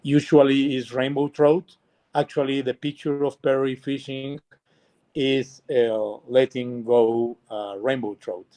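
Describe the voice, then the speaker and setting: A man answering questions in casual chat, hesitant and pausing often. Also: mid-range voice, level tone, warm tone. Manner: hesitant, many pauses with uh.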